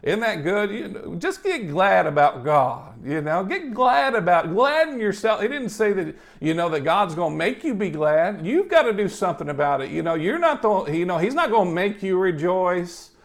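A man's voice: sits high, sing-song, moderate pace, vocal fry, hardly any pauses. A male preacher giving a folksy, upbeat sermon, often adding "you know" and chuckling between points.

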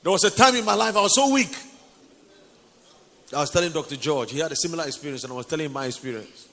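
A preacher shares his personal testimony in a sermon, calling his listeners honey and sweetheart in an intimate way, recorded in a reverberant hall. He talks fast and expressively, his voice sitting on the high side with a fairly bright tone.

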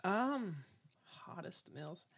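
Brief: male podcast guest, slightly high voice, dry deadpan delivery. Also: slow pace, gravelly, slightly rough. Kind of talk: casual podcast banter.

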